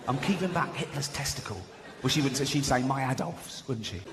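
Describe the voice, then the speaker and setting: A man delivers stand-up comedy in a big hall, his voice carrying a long echo. He talks in a chatty, mocking way and keeps laughing at his own lines, with audience noise clearly heard behind him. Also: medium pitch, expressive, fast talker. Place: large theatre with live audience.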